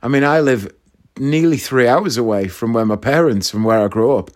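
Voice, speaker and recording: A man's voice: medium pitch, normal speed. A man from the northeast of England, a comedian in his thirties, telling a long anecdote in a chatty, casual way with asides to the listener. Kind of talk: casual storytelling.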